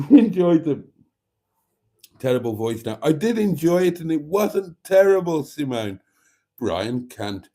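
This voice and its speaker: A man's voice: on the high side, sing-song, measured pace, warm tone. Chatty man reading out live comments. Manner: chatty and camp, reads viewer comments aloud. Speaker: live stream host. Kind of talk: late-night live stream chat reading comments.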